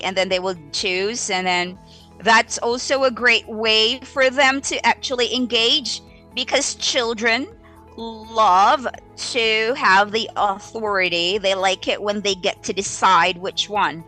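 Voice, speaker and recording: Slow, bright-voiced woman teacher. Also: mid-range voice, faint music behind. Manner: animated, models exaggerated reading voices. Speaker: ESL teacher. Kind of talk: live-streamed teaching tips.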